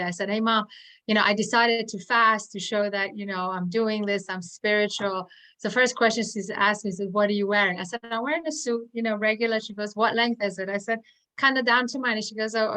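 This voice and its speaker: A woman's voice: mid-range voice, bright, forceful tone, rough recording. A woman at an online community event, earnestly telling a personal story and acting out the quoted dialogue. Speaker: audience member at an online poetry event.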